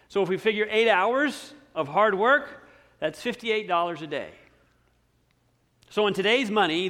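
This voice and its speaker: A man preaching a sermon, slow and emphatic, dropping to near-quiet on key words. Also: high voice. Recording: long hall reverb.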